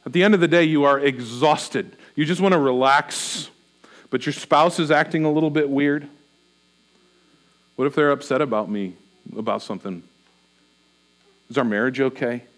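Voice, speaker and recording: A man's voice: medium pitch, normal speed, pauses often, a bit bright. A middle-aged man preaching a sermon as a pastor, earnestly voicing a string of anxious questions before turning to teaching.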